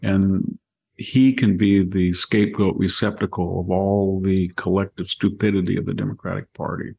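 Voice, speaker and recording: An older man talks through his views in a long, rambling, conversational flow. His voice is low and gravelly with a husky edge. He speaks as the host of a casual political discussion. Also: normal speed. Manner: long rambling explanations with animated quoted voices. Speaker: podcast host, commentator.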